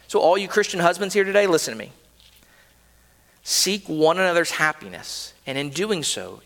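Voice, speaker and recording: Earnest preacher in a reverberant hall. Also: male voice, fairly bright tone. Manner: earnest preaching, swells and drops in pitch and volume. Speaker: pastor. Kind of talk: sermon. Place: church sanctuary. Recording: long reverb of a church hall.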